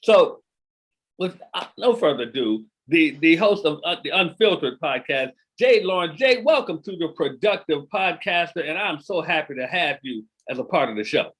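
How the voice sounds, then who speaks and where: Host, male, husky slightly high voice, excitable, repeats lines for emphasis. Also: moderate pace. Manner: energetic, repeats himself for emphasis, hypes the guest. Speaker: podcast host. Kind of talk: casual interview chat.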